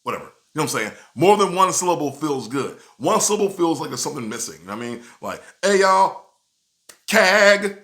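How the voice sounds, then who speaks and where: A man giving casual, animated commentary in a video, often asking "you know what I'm saying". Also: mid-range voice, racing, hardly any pauses.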